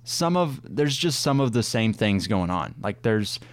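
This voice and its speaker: A man's voice: on the low side, big pitch swings, unhurried, dry recording. A young man co-hosting a casual movie review chat, talking enthusiastically with many fillers.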